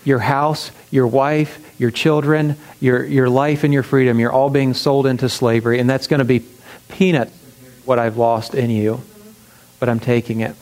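A man's voice: mid-range voice, fairly even intonation, normal speed, darkish tone, lightly acted. A man giving voice to a wrathful king. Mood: stern. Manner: grave, commanding pronouncements. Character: stern, wrathful king judging a debtor.

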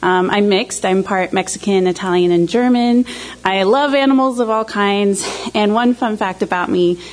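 A woman speaks in a mid-pitched voice as she introduces herself to a church group. Her manner is casual and a little hesitant. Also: normal speed. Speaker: campus minister introducing herself.

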